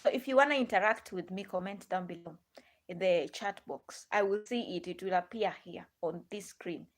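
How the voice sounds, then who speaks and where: A woman's voice: on the low side, moderate pace. A woman with a Ghanaian English accent hosting a live stream, chatting to viewers in a rambling way, repeating herself and asking them many questions.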